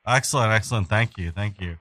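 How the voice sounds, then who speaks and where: Bright-voiced male radio host. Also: lowish voice, quick pace, no echo, clean studio sound. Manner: relaxed, with frequent ums and restarts. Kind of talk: community radio interview and announcements.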